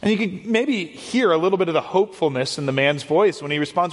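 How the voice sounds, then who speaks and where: A man's voice: high voice, animated, fast talker, hardly any pauses. A man preaching a sermon as a pastor, explaining earnestly and often repeating words as he goes. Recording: long hall reverb.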